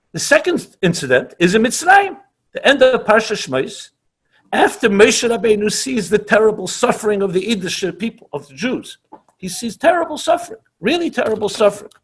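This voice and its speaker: A middle-aged rabbi with a fairly high, husky voice teaches an online class for teens. He speaks with passion, repeats key phrases for emphasis, and mixes in Hebrew and Yiddish words. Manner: sprinkles Hebrew and Yiddish terms.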